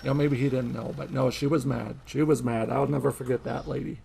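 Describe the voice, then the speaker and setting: Chatty man with a gravelly voice. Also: medium pitch, fairly even intonation, a little fast, dark tone, a little hiss or hum. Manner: chatty, rambling anecdotes with frequent laughs. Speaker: gaming streamer. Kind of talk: casual gameplay commentary and storytelling.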